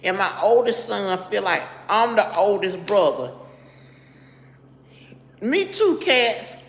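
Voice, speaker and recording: A woman's voice: medium pitch, very animated, slow, gravelly, slight background noise. A middle-aged woman hosting a casual live stream. She talks bluntly and keeps breaking off to greet viewers by name. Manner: chatty, greets viewers by name mid-sentence; blunt and straight-talking. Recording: echoey room with long reverb.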